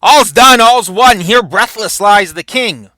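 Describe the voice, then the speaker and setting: Man doing a fierce, loud Scottish warrior lord. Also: a little high, lively intonation, unhurried, gravelly, no echo, heavily acted. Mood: triumphant.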